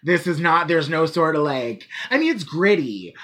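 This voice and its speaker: A woman co-hosting a podcast in casual chat, animated, swearing often and full of "like" fillers. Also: deep voice, moderate pace. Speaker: podcast co-host.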